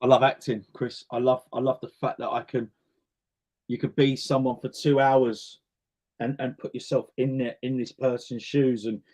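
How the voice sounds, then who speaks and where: A chatty man, answering interview questions in a relaxed, storytelling way. His voice sits at a middling pitch for a man, and he often repeats a word or two while he gathers his thoughts. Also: normal speed. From North West London. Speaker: interview guest, singer and actor. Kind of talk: casual interview chat.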